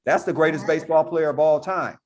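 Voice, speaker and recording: A middle-aged man co-hosting a casual sports chat, telling stories with animated, loud bursts. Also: fairly high pitch, a little fast, lo-fi sound. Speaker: podcast co-host.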